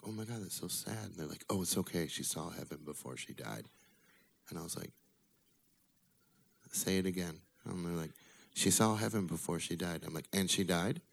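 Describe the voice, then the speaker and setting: At a bar open mic before a live audience, a man from Illinois tells a wry personal story, swearing freely in a casual manner. His voice is deep, with vocal fry.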